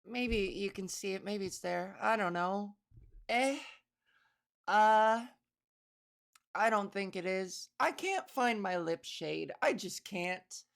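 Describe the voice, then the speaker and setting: A young woman hosts her comedy podcast alone, rambling playfully with mock-theatrical asides. She talks slowly, and a gravelly fry runs through her voice. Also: mid-range voice. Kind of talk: casual solo comedy monologue.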